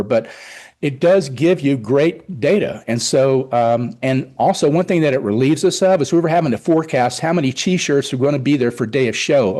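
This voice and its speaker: A man's voice: medium pitch, a little mellow. A middle-aged man giving an enthusiastic, rambling report at a public meeting, often retelling conversations. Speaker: car show organizer presenting to town board.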